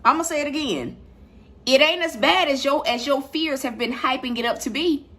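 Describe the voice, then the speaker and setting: A woman's voice: high voice, normal speed, bright, forceful tone. A woman preaching to her livestream viewers from home, repeating her points with emphasis. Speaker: online preacher. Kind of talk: livestreamed sermon. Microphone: livestream mic.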